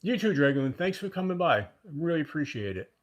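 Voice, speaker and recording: A man's voice: a little high, big pitch swings, fast talker, muffled recording. A man in his fifties hosting a casual livestream, rambling and chatting with viewers. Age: 50s. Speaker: livestream host.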